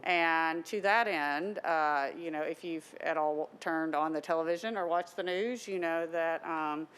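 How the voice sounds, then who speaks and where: A woman with a somewhat low voice briefs a council committee on the legislative session. She is brisk and matter-of-fact, and she explains things plainly. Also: fairly bright tone, clear, resonant tone, poor audio. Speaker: government affairs staffer briefing the council. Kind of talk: briefing at a meeting.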